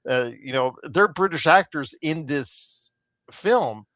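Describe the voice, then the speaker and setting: This co-host's voice sits a little high, fairly bright, with lively intonation, and he takes it slowly. Chatting casually on a podcast through a remote call mic, he rambles with lots of fillers and restarts, fed up with online controversies. The recording is dry.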